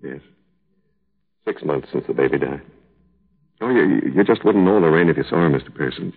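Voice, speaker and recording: A man's voice: a bass voice, lively intonation, moderate pace, husky, full character voice. An actor playing a grieving young husband in a 1950s radio drama, earnest and tender as he pleads with his wife. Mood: somber. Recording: tinny old radio broadcast.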